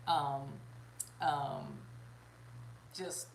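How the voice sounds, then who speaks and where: A woman with a low voice talks her viewers through a spiritual reading, full of fillers, restarts and asides to the chat. The room has a noticeable echo and a faint hum behind her. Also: steady tone, extremely slow, vocal fry. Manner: rambling, with many fillers and restarts; addresses viewers and chat directly, laughs often. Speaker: spiritual reader. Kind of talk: live-stream tarot reading.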